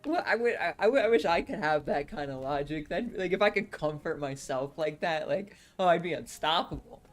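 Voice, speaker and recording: A woman's voice: sits low, lively intonation, fairly quick. A woman with a sore throat chatting casually on a live stream, laughing often and rambling through her thoughts. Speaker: streamer reading a novel aloud.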